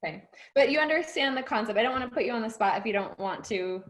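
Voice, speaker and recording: A woman's voice: fairly high pitch, lively intonation, fast talker, slight background noise, poor audio. Encouraging woman coaching over a video call. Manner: warm-hearted, encouraging, laughs often, gets emotional. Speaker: mindset coach leading a group session.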